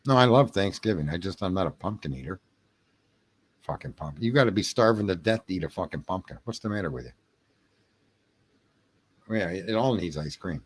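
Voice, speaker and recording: Rambling, lively-voiced man. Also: low voice, fairly quick, long pauses. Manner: rambling, profane, jokey banter with chat. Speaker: livestream host reading chat. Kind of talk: late-night casual livestream chat.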